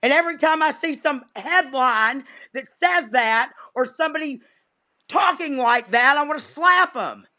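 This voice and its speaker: A woman's voice: high voice, unhurried, pushed and bright. A woman guest on a live stream, ranting in an angry, exasperated, vehement way. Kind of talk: impassioned ranting.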